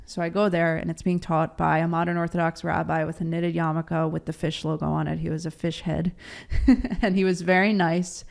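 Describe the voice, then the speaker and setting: A woman's voice: lowish voice, level tone, moderate pace, creaky. A woman from Baltimore, a guest on an interview show, telling her story in a casual, chatty way, laughing often and acting out what people said. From Baltimore, USA.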